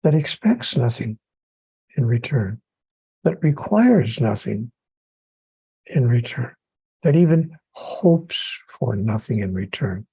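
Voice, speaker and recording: A man's voice: mid-range voice, very animated, takes it slowly, creaky, pauses often, dark tone, slightly rough, no room sound, poor audio. A man who is an author and podcast guest, speaking earnestly about spirituality and building his points through repetition.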